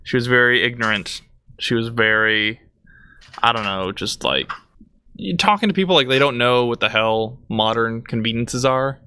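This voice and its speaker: Midwestern man hosting a live stream, bright voice, animated storyteller. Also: medium pitch, moderate pace, smooth. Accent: Midwestern American with some Texas twang. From Michigan. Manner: animated, rambling, laughs often. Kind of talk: casual storytelling chat.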